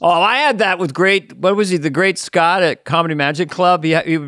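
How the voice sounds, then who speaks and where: A man's voice: high voice, fairly quick, a bit bright, dry recording, studio quality. An older man co-hosting a podcast, telling rambling comedy anecdotes in casual chat. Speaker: podcast co-host.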